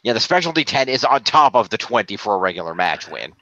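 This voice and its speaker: A man's voice: fairly low pitch, big pitch swings, quick pace, bright, forceful tone, no room sound, highs cut off. A man co-hosting a podcast, casually recapping the week's wrestling and tallying scores. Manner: narrates events, acts out quotes in a raised voice. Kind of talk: casual chat, recapping events.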